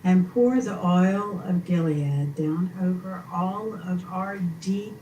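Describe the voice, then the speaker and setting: A woman co-hosting a Christian podcast, leading a slow, soothing spoken prayer. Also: lowish voice, mellow. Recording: echoey room from far off, faint noise.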